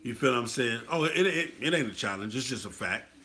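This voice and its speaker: His mid-range voice has lively intonation, runs a little fast, and sounds pushed and bright. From Atlanta, US, this motorcycle club host gives a relaxed but preachy pep talk, repeating himself and asking "you feel what I'm saying?"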